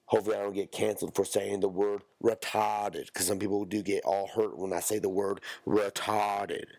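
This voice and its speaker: A man rants alone into a close podcast mic, his voice sitting fairly low. He rambles from one thought to the next in profane, slangy street talk. The recording is dry and close, with no room sound. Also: little pitch movement, normal speed, vocal fry, darkish tone, dry recording. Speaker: podcast host. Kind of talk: solo podcast rant.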